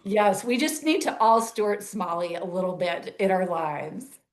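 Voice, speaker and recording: A woman's voice: mid-range voice, expressive, measured pace. A woman over fifty, a stylist guest on a podcast, talking candidly and reflectively with easy laughter. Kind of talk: conversational interview.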